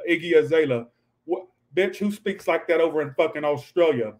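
A man's voice: mid-range voice, fairly quick, a little mellow. A man doing a casual livestream tarot reading, talking in a snappy, profane, ranting way. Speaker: tarot reader.

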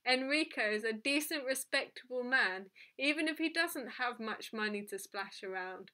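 A plump, brusque tavern keeper scolds in a loud, sharp voice, as a woman reading a storybook puts her on. She speaks high and forceful, and she gives no ground.

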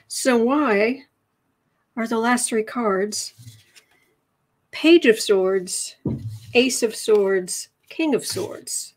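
A woman's voice: on the high side, very slow, pauses often. A woman hosting a casual tarot livestream, reading viewer comments aloud and chatting in a rambling, self-correcting way.

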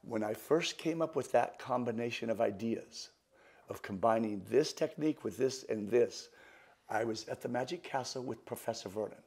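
An older man, a magician, telling stories and walking through a card trick, lively and repeating words. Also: medium pitch, moderate pace, husky. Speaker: magician, interview guest. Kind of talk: storytelling and card demonstration.

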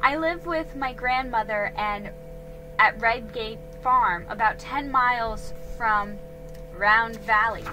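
A woman's voice: a little high, slow, low-quality recording. A woman voicing a hesitant, weary young girl. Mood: anxious, tired. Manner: hesitant, stumbling over words. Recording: reading over background music.

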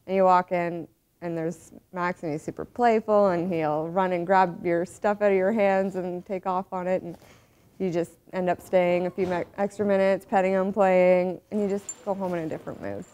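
A woman's voice: lowish voice, fairly even intonation, normal speed, darkish tone, clear, resonant tone. A woman paramedic speaking candidly and matter-of-factly in a documentary interview. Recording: slightly dull audio with faint music behind.

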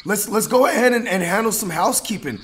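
A man's voice: high-pitched, animated, quick pace, very noisy. A man from San Jose co-hosting a podcast, chatting loosely and jokingly, peppering his talk with "you know what I mean". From east side San Jose, US. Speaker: podcast co-host. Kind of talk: casual podcast banter.

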